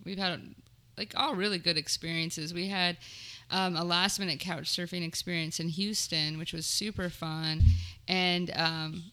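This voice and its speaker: A woman's voice: fairly low pitch, bright, forceful tone, smooth. A young woman, a touring comedian, chatting casually and rambling as a guest, laughing often. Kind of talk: casual chat.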